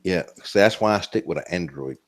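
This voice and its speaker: A man's voice: low voice, expressive, brisk. A man with a Southern US accent, co-hosting a live stream in a casual, joking drawl that swears now and then.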